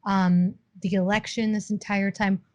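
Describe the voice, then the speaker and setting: A woman's voice: mid-range voice, level tone, unhurried, no echo. A woman co-hosting a podcast in casual chat, chatty and self-teasing. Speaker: podcast co-host.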